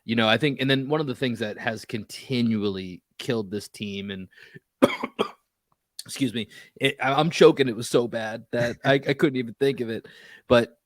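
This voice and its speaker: A man hosting a sports podcast, talking fast with frustrated restarts about a lost game. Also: mid-range voice, no echo, studio quality. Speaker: podcast host.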